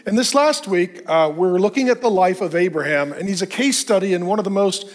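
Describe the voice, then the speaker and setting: A middle-aged man preaching to a men's group at church, loud and animated, telling stories with jokes. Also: sits high, fairly quick. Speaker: pastor. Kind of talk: energetic men's group sermon. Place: church hall before a live audience.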